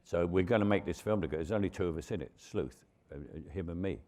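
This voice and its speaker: A man's voice: low-pitched, quick pace. Older Cockney man telling anecdotes. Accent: London Cockney. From England. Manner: relaxed raconteur, frequent restarts and chuckles. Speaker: guest, veteran actor. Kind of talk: anecdotal storytelling on stage.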